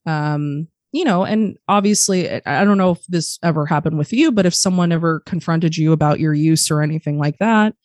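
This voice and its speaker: Young woman guest telling it blunt, swears a lot, lowish voice, dry close mic. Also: brisk, hardly any pauses, dry recording. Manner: blunt, animated, acts out quoted dialogue. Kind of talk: candid storytelling, lots of swearing.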